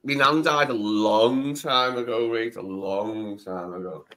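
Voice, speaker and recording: A man's voice: fairly low pitch, a little slow, sharp tone. A man joining a live stream from home, chatting casually and laughing at himself. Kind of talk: casual chat.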